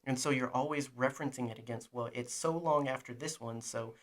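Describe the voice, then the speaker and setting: A man co-hosting a podcast, talking in loose, excited rambles. He circles back on his own sentences and teases himself as he goes. His pitch sits in the middle range. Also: brisk. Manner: rambling, enthusiastic, self-deprecating. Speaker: podcast co-host. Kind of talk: casual chat about a TV show.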